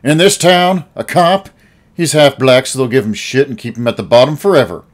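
A man voicing a gruff old junkyard caretaker who talks bluntly and sneers. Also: on the low side, normal speed, lightly acted. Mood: furious.

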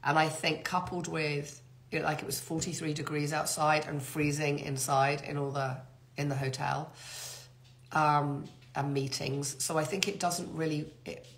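A woman's voice: low voice, flat delivery. Chatty woman hosting a live Q&A. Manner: chatty, reads greetings aloud and answers quickly. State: getting over a cold. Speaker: host answering viewer questions. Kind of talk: live Q&A chat reading out comments.

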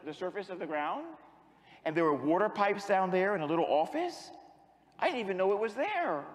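A priest giving a sermon as an animated storyteller who acts out the dialogue. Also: male voice, high-pitched, big-room sound.

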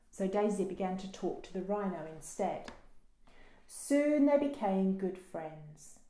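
A woman librarian reading a children's picture book aloud with slow, expressive storytelling. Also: mid-range voice. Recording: roomy echo.

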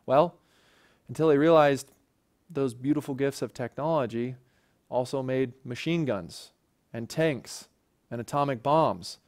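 A man's voice: mid-range voice, a little slow, long pauses, a little mellow. A man teaching a Bible lesson for a church in a conversational way, often checking in with the listeners.

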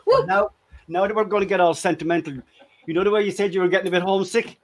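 A man's voice: high-pitched, expressive, fast. A man, a guest in a casual chat, telling jovial, self-deprecating anecdotes. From Ireland.

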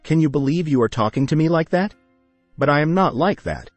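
A man reading the lines of a proud, indignant male jackal-headed royal aide in an anime recap, in a husky voice. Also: fairly high pitch, expressive, a little fast, no room sound, soft background music. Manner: indignant, scolding.

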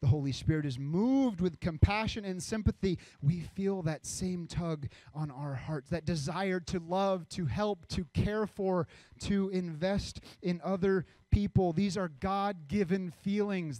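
Expressive higher-voiced man preaching. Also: measured pace, no echo. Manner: expressive, acts out voices of people in the story. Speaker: pastor. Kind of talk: sermon.

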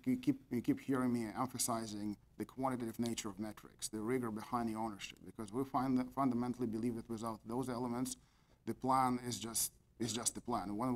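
Man giving a measured business presentation. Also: medium pitch. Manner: methodical, stresses key words, frequent fillers. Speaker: consultant presenting to a board.

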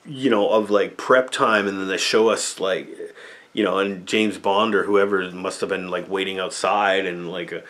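A man with a fairly low voice reviews old films off the top of his head. His talk is loose and rambling, full of fillers and offhand asides. The tone is casual and unscripted. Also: steady tone, moderate pace, fairly bright tone. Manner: rambling, loose, lots of "like" and "or whatever". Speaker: movie reviewer, channel host. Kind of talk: casual off-the-cuff movie review.

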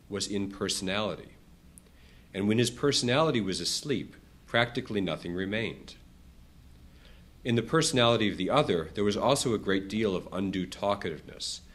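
A man reading a passage from a book aloud in a measured way, raising his voice for quoted speech and dropping it for the tags. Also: low-pitched. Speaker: reader.

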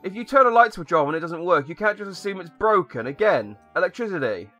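A man's voice: sits high, animated, quick pace, sharp tone, faint music behind. A young man giving sarcastic, rambling commentary while playing a video game. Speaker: gaming YouTuber. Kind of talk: sarcastic let's-play commentary.

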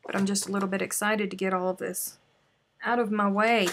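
A woman's voice: mid-range voice, flat delivery, fairly quick, slight background noise. A woman hosting a live crochet stream, chatting casually and muttering to herself as she works. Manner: chatty, exclaiming, mutters to herself while working.

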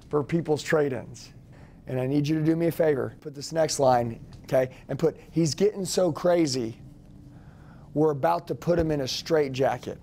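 A man leading a live sales training, forceful and commanding, repeating key lines for emphasis to a group in a training room. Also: fairly high pitch, fairly quick, slight background noise.

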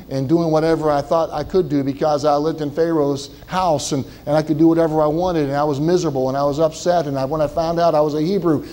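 A man's voice: fairly high pitch, dark tone, low-quality recording. A male pastor preaching a sermon, retelling a scripture story dramatically in first person with many repeated words. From Southwestern Ohio.

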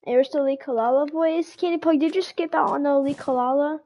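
Woman streamer, high pitch, excitable rambler who stammers and repeats words while chatting with viewers. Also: fast. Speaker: game streamer. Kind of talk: casual live-stream chat.

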